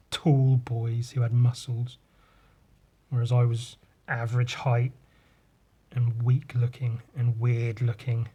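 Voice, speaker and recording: A man's voice: medium pitch, a little mellow, breathy edge. A man talks casually on his own podcast. He rambles from thought to thought and swears freely. He often trips over his words and starts his sentences again. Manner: rambling, sweary, restarts a lot. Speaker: podcast host. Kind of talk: casual solo podcast chat.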